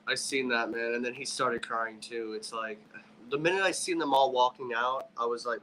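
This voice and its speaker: A man's voice: mid-range voice, normal speed, bright, forceful tone, a little hiss or hum, poor audio. A man co-hosting a wrestling review podcast, talking in an emotional, rambling casual chat. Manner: emotional, rambling, restarts a lot. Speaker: wrestling show co-host.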